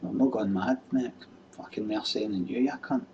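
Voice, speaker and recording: A man's voice: on the low side, fairly even intonation, moderate pace, gravelly, darkish tone, highs cut off. Scottish man, sweary rambling chat, distant webcam, faint hum. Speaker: comedian hosting a webcam show. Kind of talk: casual live webcam chat.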